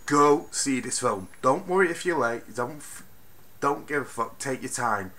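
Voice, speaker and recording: A man giving a casual spoken film review, animated and ranting, swinging from mutters to loud bursts and swearing freely. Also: medium pitch, a little slow. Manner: swears freely, exasperated rants.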